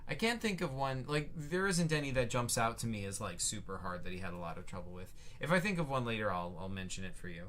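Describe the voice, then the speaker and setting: Very animated and fast, with hardly any pauses, a man in a mid-range, fairly bright voice talks through his own game on a livestream, with a little hiss or hum in the audio. He rambles with many fillers, reading his notes and reading chat aloud as he answers it.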